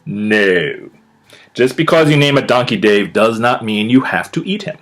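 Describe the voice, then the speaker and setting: A man, a children's author, reading his own picture book aloud to young listeners, stretching words for emphasis and stopping to explain words in a chatty way. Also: faint music behind. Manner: animated storyteller with big pitch swings and drawn-out emphasis.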